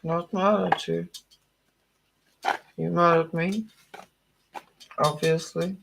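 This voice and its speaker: A man giving an emotional tarot reading, talking earnestly with long pauses. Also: on the high side, little pitch movement, vocal fry, noisy background. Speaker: tarot reader.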